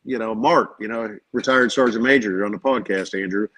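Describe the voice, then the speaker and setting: A man's voice: lowish voice, a little fast, a bit bright, poor audio. A man, a Marine veteran co-hosting a podcast, talking earnestly and rambling with many fillers. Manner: earnest, rambling, acts out quoted leaders. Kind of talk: casual chat.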